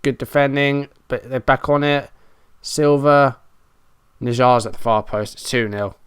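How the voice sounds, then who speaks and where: A man's voice: medium pitch, steady tone, measured pace, clear, resonant tone, dry recording, clean studio sound. A man giving running play-by-play commentary on a football management game, frustrated and self-mocking. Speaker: gaming YouTuber.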